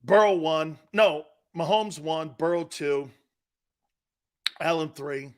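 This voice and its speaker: A middle-aged man hosting a sports talk show, brash and jokey, loud and given to repeating himself. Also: a little high, slow.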